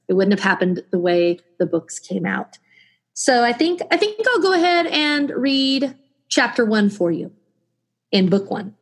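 Husky-voiced woman author. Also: on the high side. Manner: thoughtful, with restarts when explaining. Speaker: author reading her novel. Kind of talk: podcast interview and book reading.

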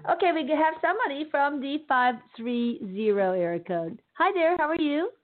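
A woman's voice: sits high, animated, normal speed. A woman hosting a call-in radio show, who speaks affectionately to callers and calls them honey and sweetie. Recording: thin phone line.

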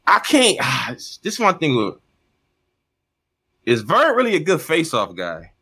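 A man's voice: fairly high pitch, wildly swooping pitch, unhurried, bright, forceful tone, slightly rough. A man in casual chat about battle rap, slangy and laid-back, often trailing off mid-sentence.

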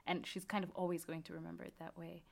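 A woman co-hosting a podcast, giving thoughtful advice in a casual chat with many soft agreements. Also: lowish voice, little pitch movement, fast talker, creaky. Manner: reflective advice-giving, frequent mm-hmm backchannels. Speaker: podcast co-host.

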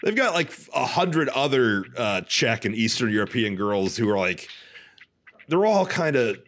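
A man co-hosting a podcast, chatting casually over a movie in a crude, meandering, halting way. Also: mid-range voice, very animated, fairly bright tone. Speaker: podcast co-host.

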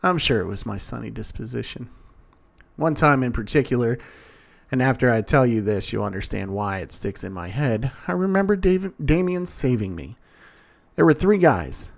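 A man's voice: mid-range voice, animated, normal speed, creaky. A man reading a first-person story aloud in a dry, sardonic and blunt manner. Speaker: narrator.

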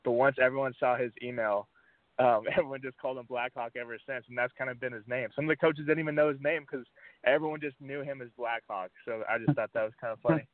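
A man's voice: mid-range voice, quick pace, no echo. Young male athlete guest, laid-back, filler-heavy; dry, phone-like sound. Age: young adult. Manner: relaxed, many fillers. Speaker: college football player guest. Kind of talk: casual interview answers. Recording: dry phone-line audio.

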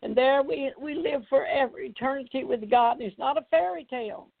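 A woman's voice: high voice, fairly quick, no echo. An older woman evangelist, recounting a vision and pleading earnestly with listeners. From Tennessee, USA. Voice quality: gravelly, husky. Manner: fervent, repetitive, earnest pleading. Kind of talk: preaching testimony. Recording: tinny phone-like line.

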